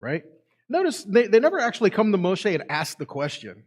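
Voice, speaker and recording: A man giving a lively Bible teaching to a congregation, asking rhetorical questions and reading scripture aloud. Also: high voice, brisk. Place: congregation meeting room.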